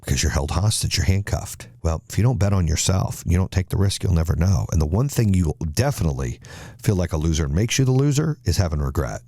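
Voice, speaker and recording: Emphatic low-voiced man giving a motivational speech. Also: expressive, fast talker, mellow, no room sound, studio quality. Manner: emphatic, repetitive exhortation. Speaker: podcast host.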